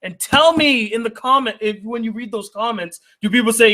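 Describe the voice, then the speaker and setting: Heated high-voiced man ranting. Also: moderate pace, sharp tone. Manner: indignant, argumentative, rhetorical questions. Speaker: YouTube critic reading viewer mail.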